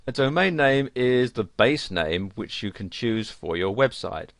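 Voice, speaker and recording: A man's voice: medium pitch, lively intonation, measured pace, no echo. A man narrating an online course tutorial, explaining step by step and listing examples. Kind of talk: screen-recorded tutorial narration.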